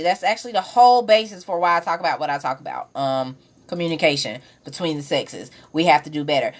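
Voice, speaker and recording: Blunt, candid woman live-streaming. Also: on the low side. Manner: candid, conversational, reads and answers viewer comments; blunt, uses slang and profanity freely. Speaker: podcast host. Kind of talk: casual live-stream commentary.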